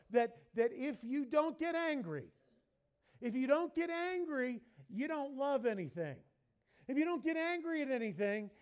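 A man preaching a sermon, repeating key phrases and dropping to a quiet voice for emphasis. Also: high voice. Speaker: pastor.

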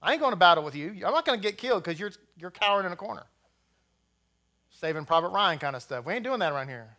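Rousing high-voiced rabbi preaching. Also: male voice, big pitch swings, fast talker, sharp tone. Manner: blunt, rousing, jokey asides to the congregation. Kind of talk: sermon.

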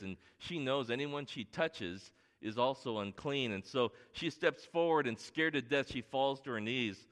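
Bright-voiced middle-aged pastor preaching. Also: male voice, fairly low pitch. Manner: earnest storytelling, swings between hushed and emphatic. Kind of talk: sermon. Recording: long reverb of a large hall.

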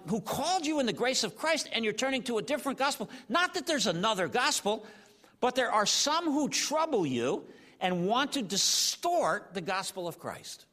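High-voiced, animated preacher man; bright, long hall reverb. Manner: animated, conversational, with filler "you know" and "he's like". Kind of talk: sermon.

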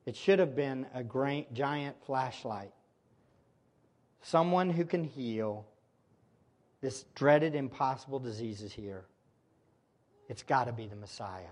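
A man preaching a sermon, animated, swinging between loud exclamation and hushed intensity, addressing his listeners as beloved. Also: medium pitch, takes it slowly, long pauses.

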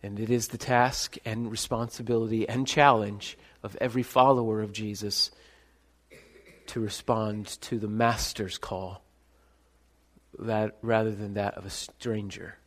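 A pastor preaching a sermon, swinging between hushed reflection and loud, ringing calls. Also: male voice, on the low side, level tone, unhurried. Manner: dramatic shifts between soft and loud, calling out names.

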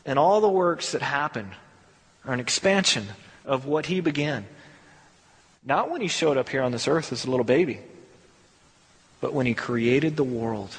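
A man preaching a sermon as pastor, conversational and animated, with acted asides. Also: medium pitch, normal speed, pauses often, husky. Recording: long hall reverb.

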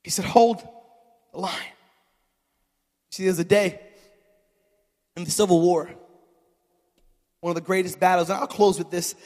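A man preaching a sermon, telling stories in a chatty way that builds to shouted peaks and calls on the crowd for an amen. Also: high voice, little pitch movement, normal speed, long pauses, in a large hall. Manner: storytelling, builds from chatty asides to shouted climaxes; calls for audience response.

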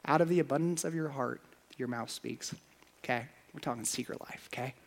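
A man preaching a sermon as pastor, confessional, going from hushed prayer to loud, playful asides. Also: medium pitch, a little fast, vocal fry.

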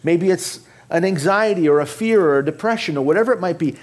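Earnest high-voiced preacher man. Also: fast. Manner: earnest preaching, dropping low and quiet for emphasis; addresses the congregation directly with questions. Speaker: pastor. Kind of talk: sermon.

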